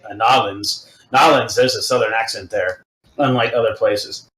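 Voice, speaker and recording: A man's voice: lowish voice, fairly even intonation, normal speed, pushed and bright. A man hosting a casual livestream chat, rambling through his questions with lots of repeated words. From US South. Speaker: host, game developer. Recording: roomy sound with music behind.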